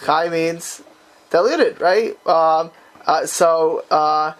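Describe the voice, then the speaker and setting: A man's voice: on the high side, very slow, a bit bright, a little hiss or hum. A man teaching a class on a text, quizzing his students and bursting into dramatic exclamations.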